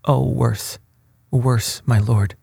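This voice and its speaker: A man voicing a panicked male servant who stammers, pitched higher than his reading voice. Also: slow, gravelly, mellow, breathy edge, dry recording, clean studio sound, heavily acted.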